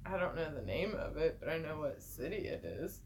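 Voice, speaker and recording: A woman's voice: deep voice, very animated, a little fast, husky. A woman acting as judge in a casual trivia game, trading dry, playful remarks with the host. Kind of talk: casual chat.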